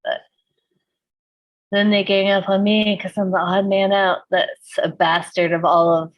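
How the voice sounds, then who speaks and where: A woman from the Bay Area co-hosting a podcast in casual chat, swearing freely as she tells animated stories. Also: medium pitch, unhurried, lo-fi sound. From San Francisco Bay Area. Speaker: podcast co-host.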